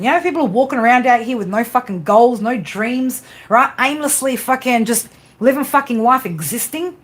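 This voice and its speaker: A woman hosts a casual livestream, giving her viewers a pep talk. She is blunt and swears constantly, tagging her sentences with "right?" and "you know?". Her voice sits a little high. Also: a bit bright. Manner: blunt, swears constantly, frequent tag questions. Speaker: tarot reader and livestream host.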